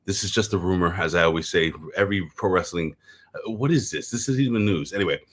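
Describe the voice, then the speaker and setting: A man with a New York accent co-hosting a wrestling review show in casual, rambling, profane chat, repeating words and filling pauses. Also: low-pitched.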